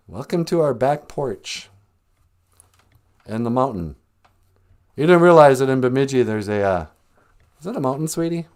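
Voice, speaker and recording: A man hosts a casual live stream and tells joking childhood stories. His voice swings up and down, and he speaks at a middling pitch from an outdoor back porch. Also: lively intonation, normal speed, pauses often, darkish tone. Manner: joking storyteller, laughs often. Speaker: podcast host.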